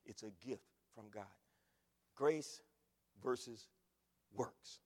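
A man preaching a sermon as pastor, repeating phrases and swinging from loud bursts to quiet asides. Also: mid-range voice, slow, in a large hall. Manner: emphatic, repetitive preaching with big swings in loudness. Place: church.

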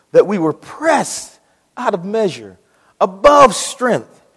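A man preaching a sermon in a church, dramatic, dropping to a hush and rising to shouts. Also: on the high side, slightly rough, big-room sound. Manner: dramatic, swings between hushed and shouting. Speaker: pastor.

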